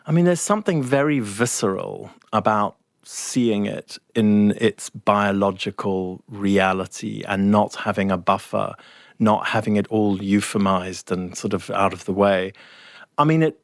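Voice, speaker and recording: A man's voice: lowish voice, gravelly, no room sound. Wry older man, dry studio voice. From Zimbabwe. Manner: wry, measured, with frequent restarts and fillers. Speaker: guest writer. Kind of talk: reflective conversational storytelling.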